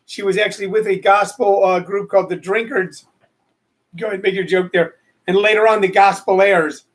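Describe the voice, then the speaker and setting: A man's voice: high-pitched, steady tone, moderate pace. A man hosting a casual live show, joking and rambling as he answers commenters from the chat. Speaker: show host.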